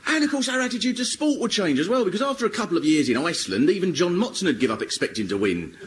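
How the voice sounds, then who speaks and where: A man with a mocking, animated delivery, performing a comedy routine. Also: sits high, fast, noisy background. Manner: animated, mocking, bursts into shouted rants. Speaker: comedian host. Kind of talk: stand-up comedy sketch.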